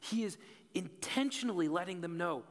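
A man preaching a sermon as a pastor, telling the story in a casual, animated way and dropping to hushed tones. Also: sits high, normal speed. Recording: long hall reverb.

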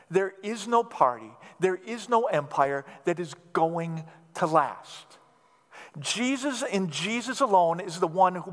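A man preaching a sermon as pastor, his voice swinging between loud emphatic rises and quiet hushed drops. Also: high-pitched. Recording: long hall reverb.

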